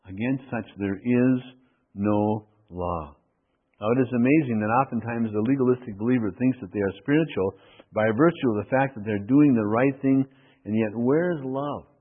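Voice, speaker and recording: A husky-voiced male preacher works verse by verse through scripture, reading each passage and then commenting on it. He presses harder when he quotes the text. The sound is thin and tinny, like an old radio broadcast. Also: mid-range voice. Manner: reads scripture aloud with running commentary, swelling louder on quoted verses. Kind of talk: expository Bible teaching.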